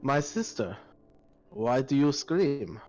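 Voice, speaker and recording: A man's voice: medium pitch, big pitch swings, takes it slowly, a little mellow, soft background music. A man voicing a cold, menacing female drow priestess in a tabletop game.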